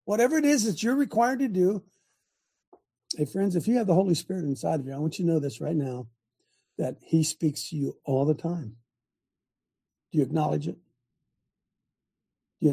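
A man's voice: high voice, animated, normal speed, long pauses, dark tone, breathy edge. Folksy older man preaching to a room. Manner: folksy, emphatic, repeats phrases, quotes scripture. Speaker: host. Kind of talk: preaching-style talk show monologue. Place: small home studio with a live audience.

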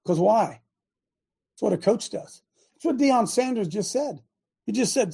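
Husky older man, fiery shouting preacher. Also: animated, normal speed. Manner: impassioned, swings between yelling and low muttering. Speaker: host and preacher.

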